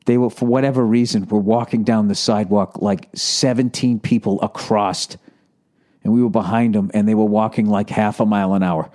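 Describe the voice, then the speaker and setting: A middle-aged comedian telling a story in a loose, rambling monologue. He swears constantly, mocks himself, and breaks into animated rants, all in a mellow, dark-toned voice. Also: lowish voice, normal speed. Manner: profane, self-deprecating, animated ranting. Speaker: comedian podcast host.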